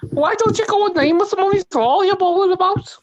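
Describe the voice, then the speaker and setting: Bloke putting on a squeaky scouse lady, mouthy and combative, keeps demanding answers. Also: fairly quick, highs cut off. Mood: taunting. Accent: Liverpool (Scouse). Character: brash Scouse woman in the style of a famous singer.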